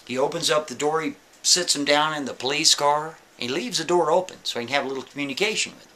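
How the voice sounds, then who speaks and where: A man's voice: a little high, fast, sharp tone. A man telling a story in a folksy, conversational way, often checking in with the listener. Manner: folksy, conversational, keeps asking "right?". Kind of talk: casual spoken storytelling.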